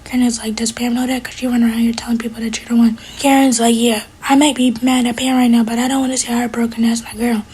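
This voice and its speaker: Fast, breathy woman recapping a TV episode. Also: a little high, flat delivery, darkish tone, rough recording. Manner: retells scenes by quoting each character with "she's like"; adds blunt personal asides to the characters. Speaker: TV episode reviewer.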